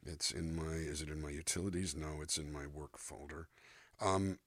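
An older man, a singer-songwriter, talking in a relaxed interview and acting out voices and melodies as he explains. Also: rumbling low, moderate pace, dry recording. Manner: animated, demonstrates voices and melodies mid-sentence. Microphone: USB microphone.

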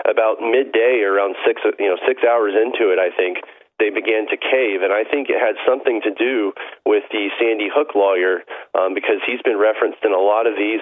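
A man on a tinny phone line explains things haltingly, filling his pauses with ums and uhs. His voice is fairly low and the sound is dry. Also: dry recording. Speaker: guest calling in. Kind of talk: casual explanation on a call.

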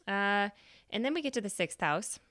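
Studio quality with no room sound captures this woman's podcast, where she tells a story chattily and casually, cursing freely and laughing. Her voice is medium-pitched, expressive and fairly bright, at a normal speed.

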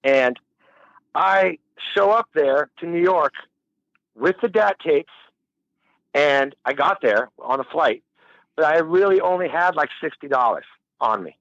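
High-voiced man rambling through a story. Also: animated, a little slow, gravelly, long pauses, fairly bright tone, dry recording, lo-fi sound. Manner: rambling, laughing, swearing freely. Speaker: musician guest. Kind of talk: casual storytelling interview.

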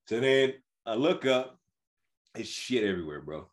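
A man's voice: medium pitch, moderate pace. A young man co-hosting a podcast, telling a family story in casual chat and acting out the dialogue. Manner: animated storytelling, acts out dialogue. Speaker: podcast co-host.

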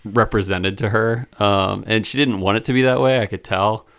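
A man chatting casually on a podcast, rambling and halting with lots of fillers and restarts, a little downcast. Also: fairly low pitch, steady tone, gravelly, fairly bright tone, clean tone. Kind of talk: casual chat.

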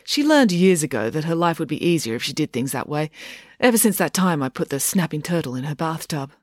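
A cool, scheming schoolgirl voiced by the narrator, unruffled and smug, delivering even threats sweetly. The reading is dry and close, with a lively, varied lilt. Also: medium pitch, brisk, no room sound. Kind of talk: audiobook character voice.

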